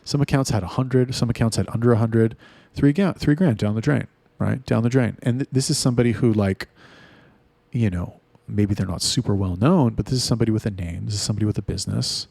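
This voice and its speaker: A man's voice: lowish voice, a little fast, creaky, warm tone, no room sound. A man ranting in a casual, blunt and heavily profane monologue. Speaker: talk host.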